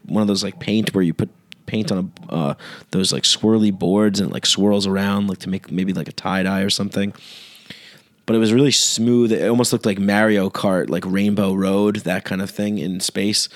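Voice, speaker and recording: Laid-back rambling man, low dry voice. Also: no echo. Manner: meandering, many fillers and restarts, laid-back. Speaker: podcast host. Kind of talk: rambling solo podcast monologue.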